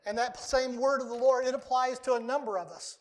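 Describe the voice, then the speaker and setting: A man with a very high voice preaching in a church. He talks with earnest emphasis and leans hard on repeated words, the way a pastor drives a point home from the pulpit. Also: fairly even intonation, fairly quick. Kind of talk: sermon. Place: church sanctuary.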